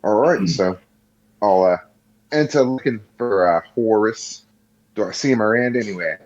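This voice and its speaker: Casting: male player, low husky voice, halting, dull lo-fi mic. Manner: halting, full of "uh". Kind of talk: casual tabletop game chat.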